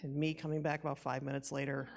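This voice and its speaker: A woman's voice: a bass voice, little pitch movement, fast talker, creaky, darkish tone. A woman giving a rambling, self-deprecating eulogy at a church memorial, laughing often as she shares memories of her aunt. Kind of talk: informal memorial tribute.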